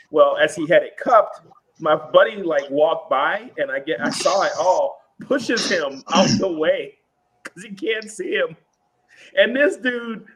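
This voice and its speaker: A young man hosting a casual veterans' chat, telling stories from basic training and shouting out the drill instructors' lines. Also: on the high side. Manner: animated, acts out yelling drill instructors. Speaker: podcast host. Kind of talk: casual storytelling among veterans.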